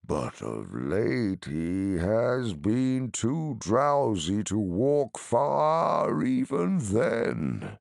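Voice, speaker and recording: A man reading an audiobook, voicing an ancient, slow-spoken male tree giant in a deep, creaky rumble. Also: darkish tone, no echo, clean studio sound, exaggerated voice. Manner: slow, ponderous, sorrowful.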